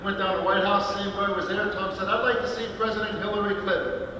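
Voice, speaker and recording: A man's voice: high-pitched, flat delivery, fast talker, background noise. A man telling a folksy joke at a political rally, with hesitant restarts, recorded from far off in an echoey hall. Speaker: congressman speaking at a rally.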